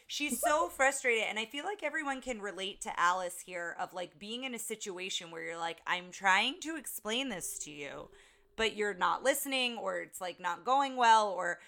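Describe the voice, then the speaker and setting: A woman's voice: mid-range voice, expressive, moderate pace, creaky, bright, forceful tone. A woman co-hosting a casual podcast, chattily retelling a film scene and acting out the characters' lines. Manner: chatty storytelling, frequent "like"s, acts out quotes. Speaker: podcast co-host.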